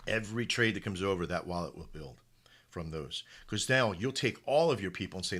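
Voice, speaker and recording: A man casually pitching his project to a live community, rambling and excitable, swearing and often repeating himself. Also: fairly quick. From United States. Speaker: crypto project founder hosting a live audio space.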